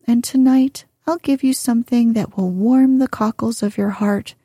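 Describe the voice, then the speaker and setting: A woman voicing an eager, teasing teenage boy in an audiobook, talking fast. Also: a little high, fairly even intonation, warm tone, breathy edge, dry recording, studio quality.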